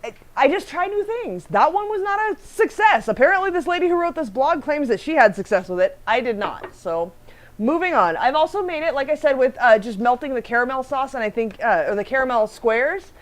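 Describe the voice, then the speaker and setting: A woman's voice: high voice, animated, brisk. A woman hosting a casual baking livestream, chatting with her co-host, reading viewer comments aloud and laughing often.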